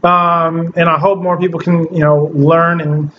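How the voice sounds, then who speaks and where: A high-voiced man from Southern California hosts a relaxed podcast, spinning a story with lively acted-out quotes and frequent laughs. The recording sounds a little dull, with a faint hiss underneath. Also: a little slow. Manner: animated storyteller who acts out quotes and laughs often. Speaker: podcast host. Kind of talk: casual chat, storytelling.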